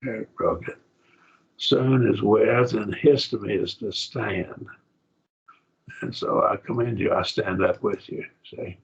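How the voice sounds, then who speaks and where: A man teaching a Greek grammar class, explaining words slowly and checking in with his students. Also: fairly low pitch, fairly even intonation, vocal fry. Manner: slow, explanatory, repeats words and checks with "okay?" and "see?". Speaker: Bible college Greek teacher. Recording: dull lo-fi classroom recording.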